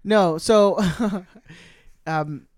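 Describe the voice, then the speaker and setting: A man co-hosting a podcast, telling stories quickly with lots of fillers. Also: high-pitched, clear, resonant tone. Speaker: podcast co-host. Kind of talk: casual storytelling chat.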